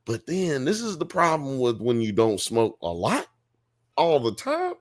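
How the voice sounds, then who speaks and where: A man from Alabama, co-hosting a casual TV review chat in an animated, profane way. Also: mid-range voice, measured pace. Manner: animated, profane, acts out characters. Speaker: podcast co-host.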